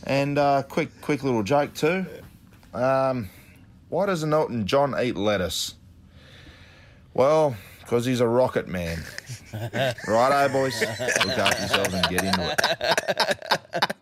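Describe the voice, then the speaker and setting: Slow caller, noisy recording. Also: male voice, medium pitch, expressive. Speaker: caller sending a voice message. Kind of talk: recorded voice-message joke.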